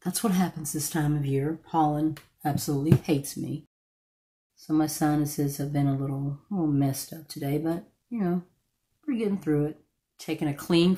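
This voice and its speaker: A woman with a slightly croaky voice from allergies, chatting casually through a makeup tutorial and stopping now and then to correct herself. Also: low voice, dark tone. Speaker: beauty vlogger.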